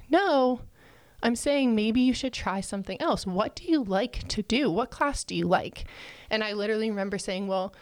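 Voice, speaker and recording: A young woman telling a personal story in casual chat, animated and laughing often as she acts out what people said. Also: mid-range voice, no echo.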